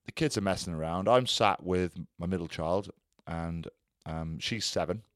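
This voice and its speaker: A man's voice: low voice, moderate pace, no room sound, clean studio sound. A man in his thirties, a former rugby player co-hosting a casual podcast and telling chatty anecdotes. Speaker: podcast co-host. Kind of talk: casual chat.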